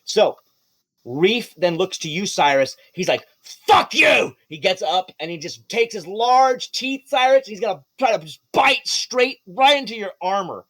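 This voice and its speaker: A man narrating a tabletop game as game master, his voice sitting a little high for a man. He tells the action with animated energy, swears freely and laughs between lines. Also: normal speed.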